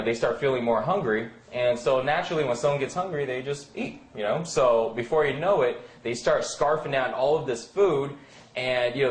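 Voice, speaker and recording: A man talking as a fitness coach in a casual advice chat, rambling with many fillers and acting out what friends might say. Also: medium pitch. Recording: echoey room.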